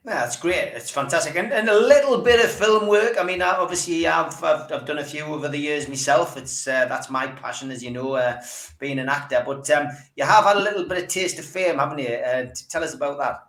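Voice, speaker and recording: A man's voice: a little high, brisk, a bit bright. A man hosting a casual interview, bantering in a chatty, matey way. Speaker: host. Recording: roomy echo.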